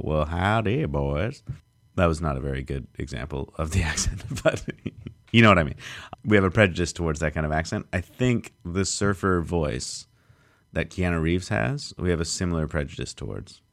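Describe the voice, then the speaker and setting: Deep-voiced man in casual podcast chat. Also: a little fast, no echo. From Canada. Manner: rambling, restarts often, tries impressions. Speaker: podcast co-host.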